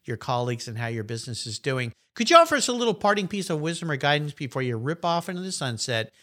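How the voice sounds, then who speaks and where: An upbeat male podcast host with a bright, forceful voice, pitched a little high. He talks in a friendly, encouraging way, like easy conversation. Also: very animated, fast talker. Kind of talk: casual interview chat.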